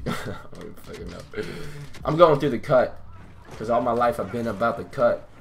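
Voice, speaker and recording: A young man talks over his own gameplay into a gaming mic, chatting with viewers and shouting at teammates. His voice sits in an average pitch range. Faint noise hums behind him. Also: normal speed. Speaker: gaming YouTuber. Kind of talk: live gameplay commentary.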